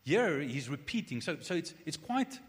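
A man preaching a conversational sermon, animated, with restarts and asides. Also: on the high side, normal speed. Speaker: pastor. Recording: long hall reverb.

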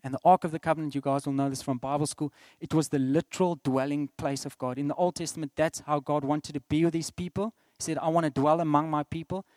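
A middle-aged man with a South African accent preaching a sermon, swinging between loud declarations and soft asides. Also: a little high, steady tone, fast, few pauses, dry recording, studio quality. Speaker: pastor.

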